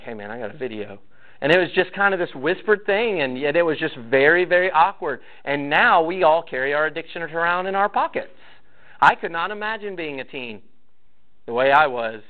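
A man leading a church parenting class, talking casually to parents and telling stories with acted-out quotes. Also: a little high. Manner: conversational, storytelling, acts out quotes. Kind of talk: casual teaching talk to parents. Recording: tinny phone-like sound.

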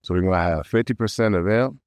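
A man guesting on an interview, telling stories in a lively way, often laughing and acting out quotes. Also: on the low side, fast, no echo. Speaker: voice actor guest. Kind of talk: casual interview storytelling.

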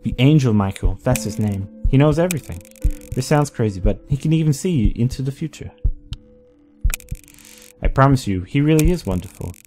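A man reading game dialogue as an eerie young boy with a lifted, earnest voice. He speaks softly and evenly, telling his story with unsettling calm, with faint music underneath. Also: mid-range voice, moderate pace, pauses often, voice pushed up, natural voice.

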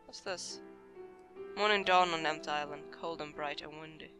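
A let's play host who reads a narrative game's text aloud slowly and dramatically, then chats with excitement about the game. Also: medium pitch, music in the background.

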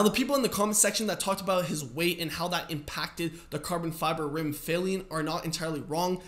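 A man's voice: a little high, fairly bright tone. A man hosting a cycling channel, giving chatty, amused, explanatory commentary on a video.

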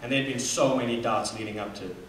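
A man's voice: lowish voice, brisk, a bit bright. Young man, earnest student speaker, from Namibia; recorded in a very reverberant hall from a distance, faint room hum. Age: 20s. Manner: earnest storytelling with fillers and restarts. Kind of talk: personal story talk. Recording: echoey hall from far off.

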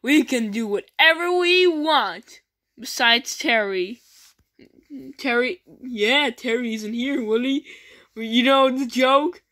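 Slow, high-voiced goofy woman. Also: fairly bright tone. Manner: goofy, rambling, many false starts. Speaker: creator voicing toy characters. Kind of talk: improvised comedy skit.

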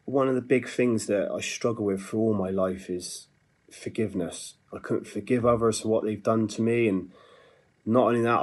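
A young man from Bristol with a Bristol accent, giving an earnest, halting personal testimony with many pauses and fillers. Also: lowish voice, a little mellow. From Bristol, England. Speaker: testimony speaker.

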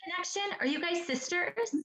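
A woman's voice: very high-pitched, lively intonation, moderate pace, pushed and bright, reverberant, poor audio. A woman from British Columbia, giving a chatty psychic reading over a video call, full of "like" and "do you understand that?". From British Columbia, Canada. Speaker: psychic medium.

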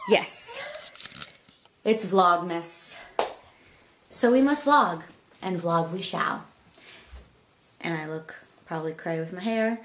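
A young woman with a drawl chatting casually through a home vlog, rambling with lots of fillers and switching to a high cooing voice for her pets. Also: a bit bright, slight background noise. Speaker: vlogger.

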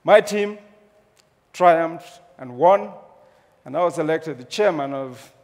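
A man with a Kenyan accent telling a humorous, animated personal story to an audience. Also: fairly high pitch, takes it slowly. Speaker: speaker. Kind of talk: storytelling talk on stage. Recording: long hall reverb.

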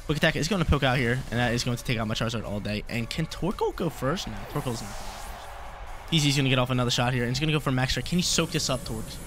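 Fast-talking man commentating his own game. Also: mid-range voice, music in the background. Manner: excitable, repeats himself, slangy. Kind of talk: casual play-by-play of an online battle.

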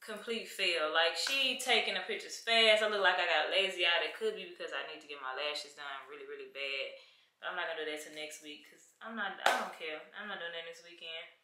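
A woman's voice: lowish voice, brisk, heavy background noise. A young woman, chatting casually to the camera in a vlog and complaining to her viewers. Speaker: vlogger.

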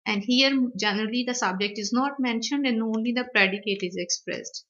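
A woman's voice: fairly high pitch, a little fast, a bit bright. A woman teaching a grammar lecture, explaining step by step and repeating her points. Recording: dull lo-fi recording.

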